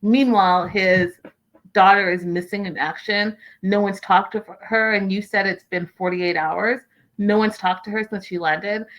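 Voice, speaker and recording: A woman hosting a casual recap show, reading out viewer comments and giving her own blunt, animated opinions straight to viewers. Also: mid-range voice, a little slow, poor audio. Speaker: host.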